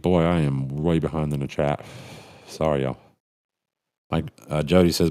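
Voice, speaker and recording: A middle-aged man with a very deep, low voice talks casually on his livestream. He rambles in a cynical, profane way, often stumbling and restarting his sentences while catching up on chat. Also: fairly even intonation, normal speed, pauses often, mellow. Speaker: livestream host reading chat.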